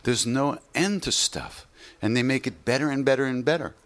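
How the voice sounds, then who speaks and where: Speaking at a moderate pace in a medium-pitched, slightly bright and animated voice, this man teaches meditation in a loose, chatty way. It's an informal spiritual talk, full of "you know"s, self-corrections and wandering asides.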